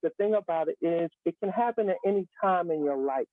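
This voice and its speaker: A woman guest speaker on a live stream tells a personal story earnestly and emphatically, adding humorous asides. Her voice is lowish and brisk, the recording is dry, and it has a tinny phone-line sound.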